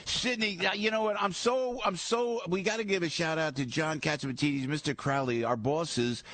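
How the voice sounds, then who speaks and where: A man who is also a radio host, talking effusively as a guest, swooping his voice up high for comic bits. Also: normal speed, fairly bright tone. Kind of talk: radio talk.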